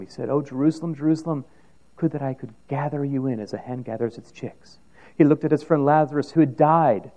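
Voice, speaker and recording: A man preaching a sermon, building to fervent declarations and sinking to hushed near-whispers. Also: mid-range voice, highs cut off.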